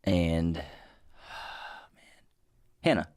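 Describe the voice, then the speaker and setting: A man's voice: deep voice, extremely slow, a little mellow, dry recording, clean studio sound. A man co-hosting a podcast, bantering casually and laughing easily. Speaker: podcast co-host. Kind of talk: casual chat.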